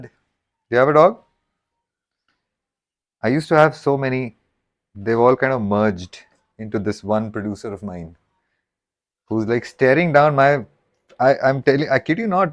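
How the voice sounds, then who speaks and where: A man's voice: medium pitch, normal speed, long pauses. Rambling man chatting on a live stream. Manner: rambling, self-interrupting, jokey. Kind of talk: casual live chat while cooking.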